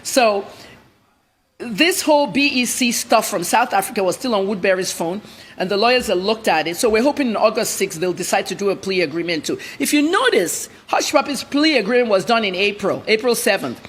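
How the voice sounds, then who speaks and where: A woman journalist, answering TV interview questions in a blunt, rapid, emphatic way. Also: medium pitch, animated, husky. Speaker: journalist guest.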